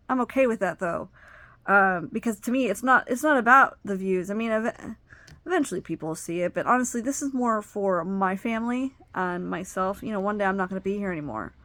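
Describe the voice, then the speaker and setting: A middle-aged woman telling personal family stories, rambling with many ums and you-knows, her voice climbing high and loud when she gets worked up. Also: no room sound. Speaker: vlogger. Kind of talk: personal storytelling.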